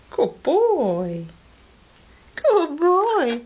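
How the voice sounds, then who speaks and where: Her voice is extremely high and very animated yet unhurried as she uses baby talk with her pet parrots, coaxing them and fondly scolding them. It comes from a lo-fi 2008 home video with faint noise, filmed in a home room with parrot cages.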